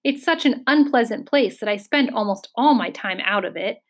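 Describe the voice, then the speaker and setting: Lady doing a grimy shrieky bird, cackly, twists every word, pretty high. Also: lively intonation, normal speed. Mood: quibbling, gleeful. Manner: quibbling, punning, interrupting. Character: filthy cackling male bird, mischievous nuisance. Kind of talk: audiobook character voice.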